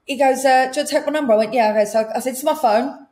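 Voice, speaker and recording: A British woman, a guest singer, telling a lively anecdote on a podcast and acting out the people in it. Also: high-pitched, racing. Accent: British English. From Britain. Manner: lively anecdote-telling, acts out quoted voices. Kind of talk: casual podcast storytelling.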